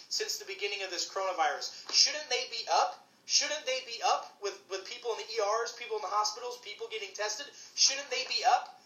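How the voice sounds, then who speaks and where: A woman's voice: fairly high pitch, bright, forceful tone, echoey room, rough recording. A woman physician giving heated video commentary, ranting with fired-up, emphatic repetition. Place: St. Louis area.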